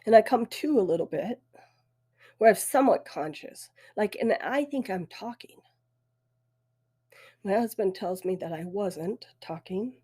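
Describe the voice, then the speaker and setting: A middle-aged woman hosting a podcast, telling her own story in a halting, emotional way, her voice thick with tears. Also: mid-range voice, animated, warm tone, breathy edge. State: weepy. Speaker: podcast host. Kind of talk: personal storytelling.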